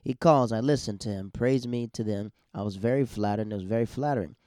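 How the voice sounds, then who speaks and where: Man, comedian podcast host, rambling casual talk, relaxed tone, dry room. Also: on the low side, fast, dry recording. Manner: loose, chatty, with frequent "man" and restarts.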